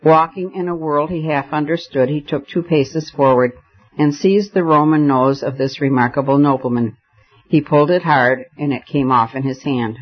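An audiobook narrator with a voice on the high side reads a novel in a measured, expressive way. This scripted narration comes through as a dull, lo-fi audiobook recording.

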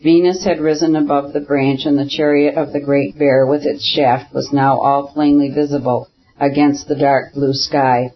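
A man reads a classic novel aloud as an audiobook, keeping his delivery measured and even and the characters' lines quiet. His pitch is fairly high, and the recording's highs are cut off.

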